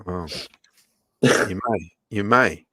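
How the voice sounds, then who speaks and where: A man with a croaky voice from a cold, co-hosting a casual fan podcast and reading out viewer comments. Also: fairly low pitch, drawn-out words, pushed and bright, dry recording. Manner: dry, chatty, reads comments aloud.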